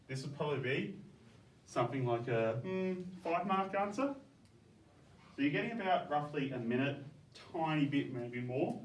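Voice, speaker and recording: Man teaching a class, far off. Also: medium pitch. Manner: coaxing, brisk, frequent "okay?". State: out of breath. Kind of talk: classroom feedback. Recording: echoey classroom, from far off, faint background noise.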